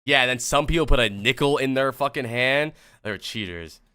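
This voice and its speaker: A man's voice: mid-range voice, moderate pace, sharp tone, clear, resonant tone. A young man from the US East Coast reviewing gameplay on a live stream, talking to chat in a blunt, profane and casual way. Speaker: streamer and coach.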